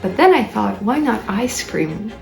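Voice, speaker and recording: A woman's voice: medium pitch, big pitch swings, unhurried, gravelly. A woman in her early twenties, an English teacher, candidly telling a personal story in an emotional, rambling way full of fillers. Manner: emotional, rambling, heavy use of "like". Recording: roomy echo with faint music behind.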